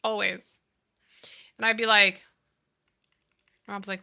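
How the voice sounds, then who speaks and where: A woman's voice: on the high side, animated, a little slow, pushed and bright. A woman in her thirties chatting casually and animatedly with her live chat, giggling and gushing as she talks. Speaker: streamer.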